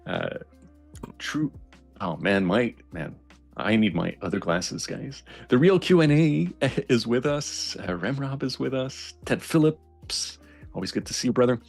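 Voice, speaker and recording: A man's voice: medium pitch, very animated, unhurried, gravelly, darkish tone, husky, soft background music. A man co-hosting a live stream, chatting in an easygoing way and greeting viewers. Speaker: co-host. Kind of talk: casual live-stream chat.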